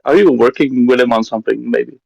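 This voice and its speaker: A just-woken man with a gravelly, croaky voice asks his questions in a friendly, hesitant way. His voice sits close and dry, with no room around it. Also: medium pitch, steady tone, a little fast, darkish tone, no echo, poor audio. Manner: friendly, hesitant, laughs often. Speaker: fan asking questions. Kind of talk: casual chat.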